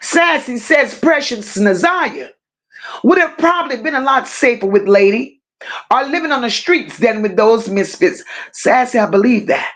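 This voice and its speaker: Her pitch sits fairly high, with lively intonation and a touch of brightness, as this female host delivers true-crime commentary live. The rant is forceful and combative, heavy on stressed words, broken up by thank-yous to chat viewers.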